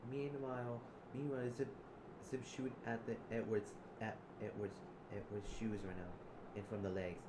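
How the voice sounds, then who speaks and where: A man improvising role-play narration, halting and repeating his words as he goes. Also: fairly low pitch, level tone. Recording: roomy, noisy background.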